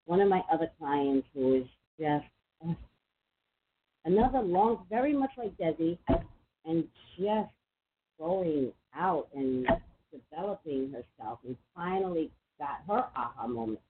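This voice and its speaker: A woman's voice: sits low, animated, a little hiss or hum. Woman psychic call-in host, chatty and emphatic, tinny phone-line sound. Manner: chatty, emphatic, quick asides. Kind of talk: casual call-in talk.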